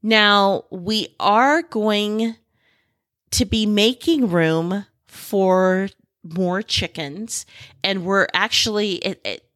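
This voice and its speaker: A middle-aged woman hosts a podcast in an unhurried, drawn-out way, recorded close and dry with no room sound. She rambles with excitement, restarting her sentences as she goes. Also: mid-range voice, dry recording. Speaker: podcast host. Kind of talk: casual podcast talk.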